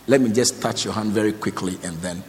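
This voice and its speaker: Fairly low in pitch and a little fast, a pastor urges his congregation forward for offerings, repeating short commands and firing questions at them. The church recording echoes, with faint noise underneath.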